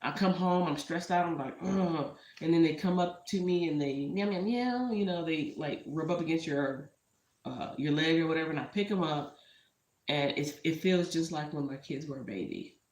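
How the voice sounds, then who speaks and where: Speaking at a moderate pace in a deep, slightly mellow voice, a woman entrepreneur talks casually to her vlog camera. Her tone is heartfelt and a touch emotional as she wanders into asides, all with a roomy echo.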